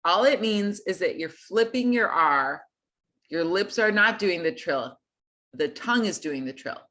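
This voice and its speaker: A woman's voice: fairly low pitch, expressive, measured pace, fairly bright tone. A woman teaching an online group singing lesson, friendly and encouraging in a casual way.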